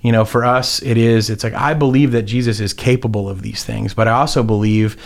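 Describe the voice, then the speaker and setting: A man's voice: on the low side, steady tone, brisk, vocal fry. A man, a pastor, talking through a Bible passage in casual conversation, often restarting sentences and acting out the characters' lines. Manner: rambling, many restarts and fillers, acts out quotes.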